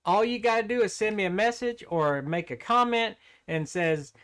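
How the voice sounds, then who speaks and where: A man's voice: high-pitched, moderate pace, fairly bright tone. Folksy, rambling male tech-tips host. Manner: folksy, rambling, joke-telling, apologetic. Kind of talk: casual talking-head vlog.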